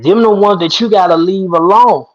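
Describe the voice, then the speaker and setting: A man's voice: sits high, normal speed, faint music behind. A man hosting an online talk show, telling a folk story and preaching its moral in a folksy, emphatic way. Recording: dull lo-fi sound.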